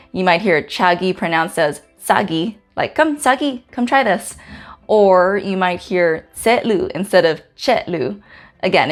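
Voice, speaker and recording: A woman from Guam hosting a pronunciation lesson, saying each letter slowly and carefully with example words. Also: fairly low pitch. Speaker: host teaching the Chamorro alphabet. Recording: faint music in the background.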